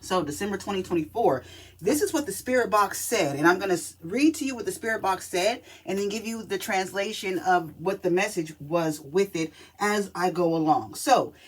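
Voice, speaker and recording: A woman with a mid-range voice at normal speed talks casually to camera as a spiritual reader. She's chatty and emphatic, and she often checks in with the listener.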